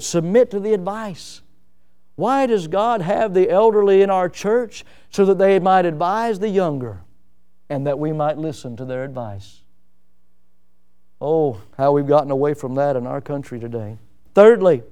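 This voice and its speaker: A man preaching a sermon, swinging from hushed warnings to loud emphatic calls. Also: on the high side, animated, measured pace, clean tone. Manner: preaching with emphatic shouted quotes and swings between loud and soft. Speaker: pastor.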